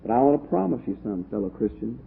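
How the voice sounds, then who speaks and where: A man from Texas, a pastor teacher giving a lively, conversational Bible study lecture and asking his class questions. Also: mid-range voice, very fast, creaky, a little hiss or hum. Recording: tinny lo-fi phone-like audio.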